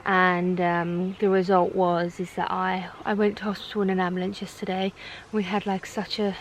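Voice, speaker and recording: A young woman, chatting casually in a vlog, gushing and excitable at times, quieter and subdued at others. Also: fairly low pitch, moderate pace, slight background noise, low-quality recording. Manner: gushing, breathy and excitable, then hushed and subdued. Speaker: vlogger.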